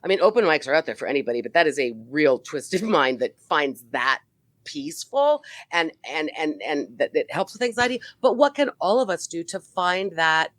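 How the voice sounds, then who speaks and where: A middle-aged woman, a stand-up comedian, telling animated stories as a podcast guest, swearing freely and laughing often. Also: deep voice, no echo. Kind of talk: casual podcast chat.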